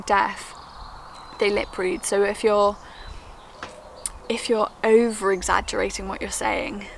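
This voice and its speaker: Chatty young woman, gravelly voice. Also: mid-range voice, fairly bright tone. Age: young adult. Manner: chatty, quick, earnest with filler ums. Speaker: vlogger. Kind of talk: casual talk to camera. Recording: noisy background with traffic.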